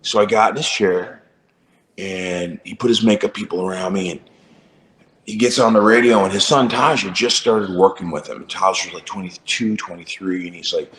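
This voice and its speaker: A man with a low voice tells a relaxed, wry anecdote as a guest musician. He recorded in a room with a noticeable echo. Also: moderate pace. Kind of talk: casual anecdote in an interview.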